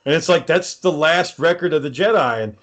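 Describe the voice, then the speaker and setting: A man's voice: a little high, brisk, a bit bright. A man co-hosting a casual podcast chat, ranting with lots of swearing and sarcasm. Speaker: podcast co-host.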